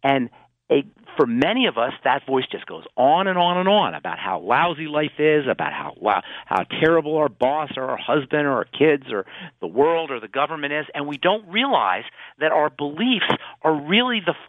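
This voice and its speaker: The pharmacist guest sounds on the high side and very animated, speaking at normal speed on a dry recording. Through the tinny phone-line radio audio of the call-in show, he explains health matters earnestly, often starting phrases over.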